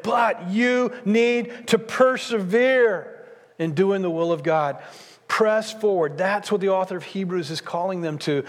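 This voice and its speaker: A man's voice: high-pitched, a little slow. A man in his sixties, a pastor preaching a sermon, speaking emphatically and repeating his key phrases. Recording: long hall reverb.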